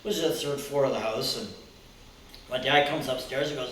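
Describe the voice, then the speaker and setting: A man's voice: mid-range voice, moderate pace, a bit bright. An older man, a guest songwriter and guitarist, chatting casually and rambling, with many restarts and fillers. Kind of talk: casual chat, storytelling. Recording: echoey room, distant mic, faint noise.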